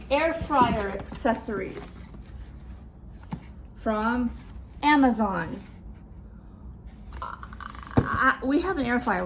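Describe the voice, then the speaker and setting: A woman's voice: mid-range voice, slight background noise, rough recording. A woman unboxing a returns box on her vlog, talking in a snarky, annoyed way. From California.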